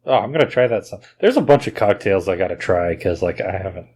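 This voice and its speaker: A man's voice: low voice, expressive, fast, a little mellow, a little hiss or hum. Easygoing man with an Oklahoma twang. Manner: rambling, easygoing, many fillers. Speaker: podcast host. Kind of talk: casual podcast chat.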